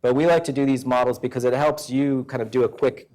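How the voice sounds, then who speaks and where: A man's voice: mid-range voice, fairly even intonation, quick pace, darkish tone. A man giving a public presentation to a local government board in a folksy, conversational way. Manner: folksy storyteller acting out quoted exchanges.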